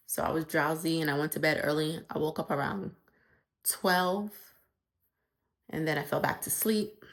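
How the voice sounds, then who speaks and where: Breathless, gravelly woman vlogging. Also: low-pitched. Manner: weary, halting and breathless, often near a whisper. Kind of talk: casual video diary.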